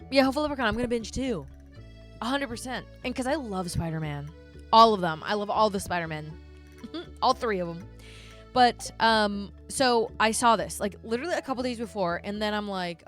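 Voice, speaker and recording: A woman's voice: medium pitch, lively intonation, normal speed, fairly bright tone, soft background music. A young adult woman streamer chatting casually to her viewers, telling a rambling, self-deprecating story with frequent laughs. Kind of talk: casual live-stream chat.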